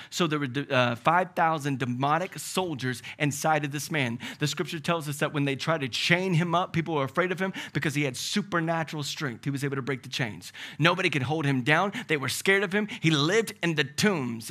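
A male pastor preaching a sermon, emphatic and animated, asking rhetorical questions. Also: on the high side.

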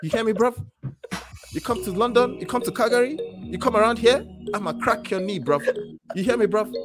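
A man's voice: sits high, racing, over music, voice pushed up, lightly acted. A man putting on a swaggering London tough guy. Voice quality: exaggerated London slang, repeated "innit" and "bruv". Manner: loud, taunting, threatening in jest. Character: brash South London tough guy, male adult, swaggering.

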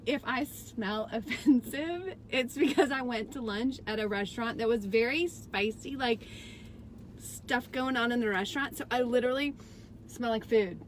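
A middle-aged woman co-hosting a live stream from a car, telling a story in an animated way. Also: on the high side, normal speed, slight background noise. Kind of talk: casual storytelling. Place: parked car.

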